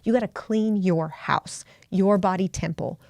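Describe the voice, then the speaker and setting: A woman's voice: medium pitch, a little slow, vocal fry, a little mellow, no echo. A woman chiropractor hosting a podcast, delivering an emphatic, preachy motivational talk full of repeated commands.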